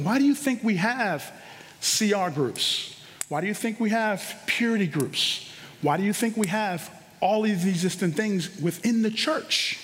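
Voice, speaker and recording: A very high-pitched male pastor delivering a sermon. He speaks with punchy fervor and repeats words to drive his points home. A long hall reverb follows his voice. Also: a bit bright, a little hiss or hum.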